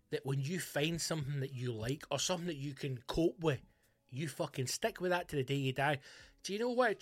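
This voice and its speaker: A man hosting a podcast, delivering a comic, sweary, animated rant. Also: on the high side, no room sound. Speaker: podcast host. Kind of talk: comic ranting monologue.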